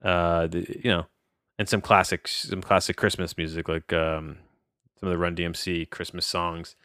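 A young adult man reviewing a film in casual chat, rambling, often cutting himself off and getting excited. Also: deep voice, moderate pace, smooth, no echo, clean studio sound. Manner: rambling, self-interrupting, easily excited. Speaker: podcast movie reviewer.

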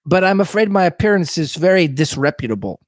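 A man's voice: fairly high pitch, sing-song, fast talker, no room sound, studio quality, voice pushed up. A man voicing a muddy, eccentric male European scientist with a put-on continental accent, apologetic and rueful. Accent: put-on vague continental European.

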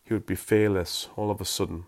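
A man's voice: deep voice, little pitch movement, brisk, darkish tone. A man reading a story aloud, breaking off for wry, self-mocking asides.

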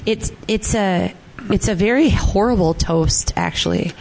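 A woman's voice: mid-range voice, a little slow, vocal fry, darkish tone, rough recording. A woman co-hosting a radio show, chatting casually, laughing along and often trailing off mid-sentence. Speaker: radio co-host. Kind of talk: casual on-air banter.

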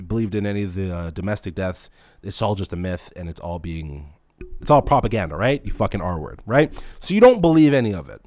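A man's voice: on the low side, darkish tone, no echo. A young man who manages a store, telling a story in an exasperated, mock-incredulous rant full of swearing.

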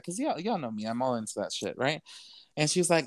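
A man's voice: medium pitch, very animated, brisk, dry recording. A man, a podcast guest telling a personal story in a casual, earnest way, switching between English and Spanish with plenty of "you know". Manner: earnest, emotional retelling.

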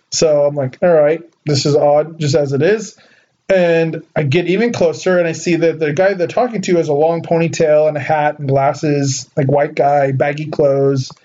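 High-voiced animated storytelling man. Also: muffled recording. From Southern California. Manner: animated, laughing storyteller with filler "like". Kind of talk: casual chat.

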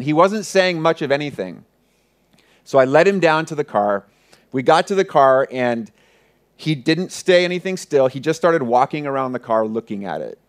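A pastor preaching, retelling a personal story earnestly and often dropping to a hushed voice. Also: male voice, medium pitch. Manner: earnest, vivid retelling with many soft hushed passages. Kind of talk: sermon storytelling.

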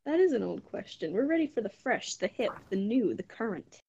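A woman's voice: medium pitch, big pitch swings, a little fast, gravelly, a little mellow, breathy edge, highs cut off. A woman co-hosting a podcast in casual chat, dropping dry, playful quips. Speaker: podcast co-host.

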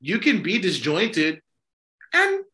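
A bright, clear-toned man talks as a priest in a relaxed faith discussion. He is emphatic and a little preachy, circling back with fillers and restarts. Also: high voice, slow. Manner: emphatic, preachy, self-interrupting with many fillers. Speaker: Orthodox priest and podcast host. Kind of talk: casual religious discussion.

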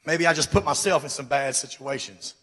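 A man preaching a sermon to his church, swinging from loud calls to hushed asides. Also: mid-range voice, brisk, slightly rough, big-room sound. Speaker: pastor.

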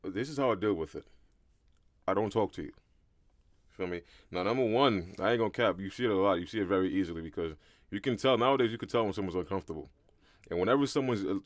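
Deep fast-talking Brooklyn man. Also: dry recording, clean studio sound. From Brooklyn, New York. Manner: streetwise storytelling, says "feel me" often. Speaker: podcast co-host. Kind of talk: casual podcast chat.

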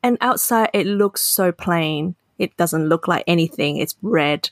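Woman, podcast co-host, casual chat, fairly low voice, explanatory storyteller, dry, close-miked sound. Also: expressive, a little slow, dry recording.

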